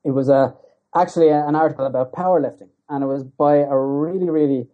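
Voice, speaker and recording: A man's voice: fairly high pitch, steady tone, quick pace. Hesitant man, dull lo-fi line. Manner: hesitant, many ums and restarts. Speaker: podcast guest, writer. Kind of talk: casual podcast chat. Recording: dull lo-fi sound.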